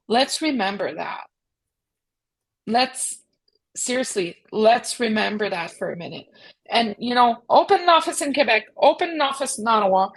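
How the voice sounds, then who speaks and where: A woman's voice: medium pitch, poor audio. A woman co-hosting a casual political podcast, talking in emphatic, opinionated bursts. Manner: emphatic, opinionated, quick outbursts.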